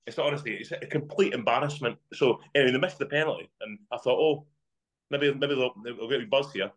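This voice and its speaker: A man co-hosting a casual football podcast, ranting and telling stories about matches. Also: mid-range voice. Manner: fast, ranting, animated storytelling. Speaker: podcast co-host.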